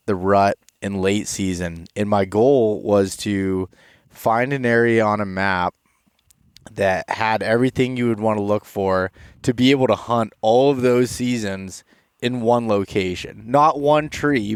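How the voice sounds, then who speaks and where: A young man hosting a podcast, chatting casually in a relaxed, rambling way, tired and a bit stuffed up after a long day outdoors. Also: on the low side, measured pace, clear, resonant tone, no room sound, studio quality. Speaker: podcast host. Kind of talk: casual chat.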